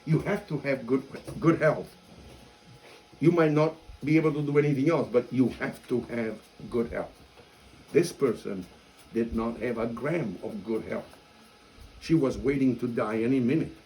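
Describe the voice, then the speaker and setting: A man with an Italian accent, a priest telling a story in a lively, self-mocking way and acting out the dialogue. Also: medium pitch, normal speed, a little hiss or hum, low-quality recording. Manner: animated, self-mocking storyteller who acts out quoted dialogue. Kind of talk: storytelling talk.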